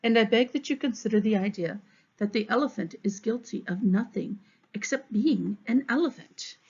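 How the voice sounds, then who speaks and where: A woman voicing a small, principled male policeman who reasons calmly, in a storybook read-aloud. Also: fairly high pitch, normal speed, slightly rough. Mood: earnest. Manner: calm, reasoning. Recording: dull, muffled recording.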